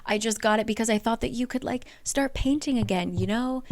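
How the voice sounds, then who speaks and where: A woman casually voicing an anxious, controlling young male High Lord while retelling a story. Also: a little fast, dry recording, close to an everyday voice. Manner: casual paraphrase in a plain voice.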